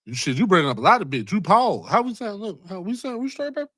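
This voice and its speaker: A man's voice: sits high, big pitch swings, quick pace, a bit bright, no echo. Rambling slangy man hosting a livestream. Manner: rambling, profane street slang, restarts. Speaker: livestream host. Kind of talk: casual livestream talk.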